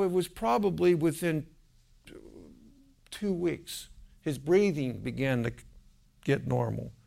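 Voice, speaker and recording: A man preaching a sermon, telling a healing story with animated delivery and acting out the voices of the people in it. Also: fairly high pitch, gravelly.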